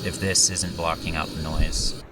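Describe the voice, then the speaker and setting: Out on a desert hiking trail, a male vlogger chats casually to the camera, self-deprecating and a bit tired after a long hike. His bass voice has little pitch movement and a moderate pace, and the recording is very noisy.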